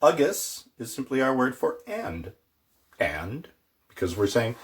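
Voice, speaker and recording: Male language tutor, casual and playful, pitch swings widely. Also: takes it slowly, pauses often. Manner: playful, animated, with mock dialogues. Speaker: Irish language teacher.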